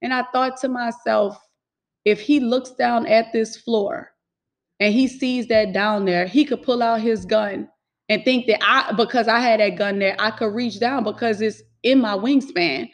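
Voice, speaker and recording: A woman's voice: on the high side, steady tone, a little slow. A woman telling a personal story in casual talk, emphatic and swearing freely.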